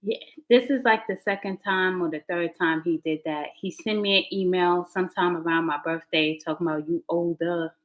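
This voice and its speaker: Casual woman livestream host, animated, laughing, talks straight to chat. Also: fairly low pitch, a little fast, rough recording. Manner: chatty, laughing, animated asides to viewers. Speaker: livestream host, tarot reader.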